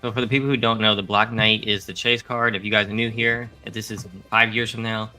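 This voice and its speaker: A man co-hosting a casual chat about collectible cards, laid-back and often trailing off quietly. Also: on the low side, flat delivery, a little fast, faint music behind. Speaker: co-host.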